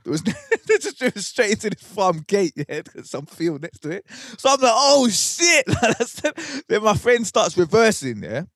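This podcast co-host is a young man whose voice sits high. He talks at normal speed with few pauses while telling a loose, slangy, swear-laden story with lots of energy. The sound is dry and studio-clean.

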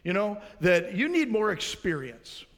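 A man's voice: high voice, big pitch swings, unhurried, big-room sound. A man preaching a sermon as pastor, earnest, putting rhetorical questions to his congregation.

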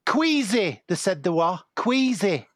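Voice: mid-range voice, sing-song, takes it slowly, no echo, studio quality. A performer improvising a meek, gullible new trainee baker who hesitates a lot. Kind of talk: improv comedy scene.

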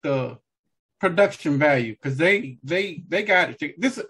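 A man's voice: fairly high pitch, lively intonation, unhurried, fairly bright tone, husky. A man co-hosting a casual music review podcast, slangy and laughing often as he talks. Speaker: podcast co-host.

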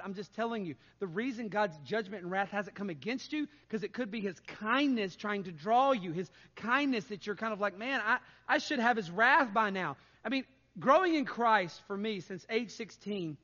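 A man preaching a sermon as pastor, conversational and animated, often adding "right?" to his points. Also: high-pitched, fairly quick, long reverb tail, highs cut off.

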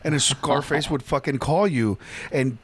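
A man's voice: mid-range voice, normal speed, husky. A man in his thirties, a podcast co-host, telling stories in casual chat with lots of swearing and laughter. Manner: animated, swearing, laughing storyteller.

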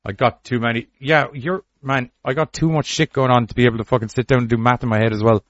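A man's voice: mid-range voice, fairly even intonation, quick pace, dry recording, lo-fi sound. Sarcastic man teasing his co-host. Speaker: podcast co-host. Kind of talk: casual movie review chat.

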